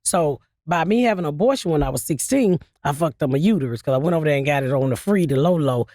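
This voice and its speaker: A woman's voice: deep voice, lively intonation, quick pace, mellow, no echo. A woman comedian in her fifties, a blunt and profane storyteller who laughs through her stories as a guest. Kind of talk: casual interview storytelling.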